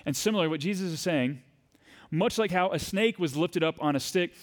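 A man's voice: on the high side, a little fast. A male pastor in his thirties preaching a sermon in a conversational, storytelling way that rises to fervent emphasis.

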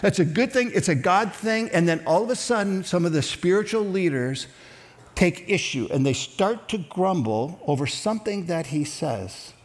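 Animated male pastor preaching. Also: high voice, normal speed. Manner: animated, acts out grumbling voices. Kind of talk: sermon. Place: church with several campuses and an online audience.

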